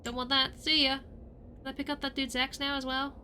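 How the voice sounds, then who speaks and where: A woman's voice: high voice, flat delivery, fairly quick, pushed and bright, a little hiss or hum. A woman streamer playing a game, joking and talking to herself with rambling questions. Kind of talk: casual game let's play.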